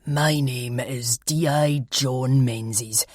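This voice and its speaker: A brusque older police detective, put on by a woman narrator, speaking slowly in a low, husky register. He presses his point with grave insistence. The audiobook read is dry and close. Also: steady tone, a little mellow, no room sound, heavily acted. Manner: slow, insistent, ominous.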